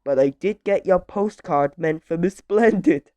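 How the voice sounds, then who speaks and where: Woman playing a clever storybook gentleman, amused, knowing, mellow and unhurried. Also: on the low side, dry recording, natural voice. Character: clever, good-natured grown man.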